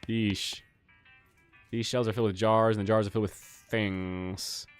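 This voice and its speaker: Low-voiced man streaming a game over soft music. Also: little pitch movement, measured pace. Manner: casual, jokey, reads game text aloud. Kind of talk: casual game streaming with read-aloud narration.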